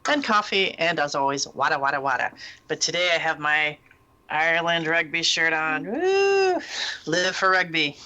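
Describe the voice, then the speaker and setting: Chat guest, woman, low and bright, slow and swooping delivery. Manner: bubbly, exclamatory. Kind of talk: casual chat.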